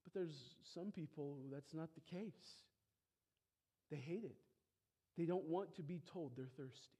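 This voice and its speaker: Male preacher, high voice, emphatic sermon delivery, rhetorical questions, loud then soft. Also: unhurried, breathy edge. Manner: emphatic, swings between loud exclamations and hushed asides. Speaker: pastor. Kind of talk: expository sermon.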